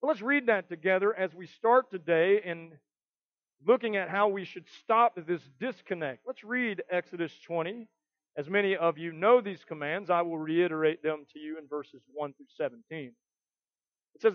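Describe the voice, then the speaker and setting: A man's voice: sits high, moderate pace, no echo, lo-fi sound. A man preaching a sermon, reading scripture aloud and stressing key words earnestly. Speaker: pastor.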